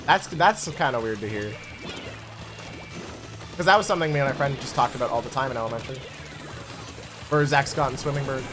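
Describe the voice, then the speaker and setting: A young man chatting casually to his viewers while playing a game, animated and chatty. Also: medium pitch, a little fast, long pauses, music in the background. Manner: animated, chatty, talks to chat. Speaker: game streamer. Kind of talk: casual live-stream chat while gaming.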